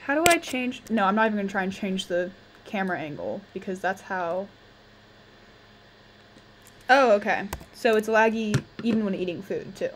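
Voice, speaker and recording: A young woman giving casual, chatty commentary on her own gameplay, thinking aloud and quick to exclaim. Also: mid-range voice, animated, a little hiss or hum. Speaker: gamer.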